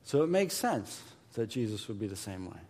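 A man preaching a sermon as pastor, emphatic and repetitive, dropping to a hush and then rising loud. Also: lowish voice, big pitch swings, moderate pace. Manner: emphatic, repeats words, swings from hushed to loud.

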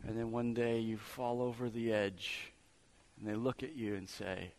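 A man's voice: mid-range voice, little pitch movement, a little slow, darkish tone. A man preaching a sermon as pastor, building emphasis through repetition.

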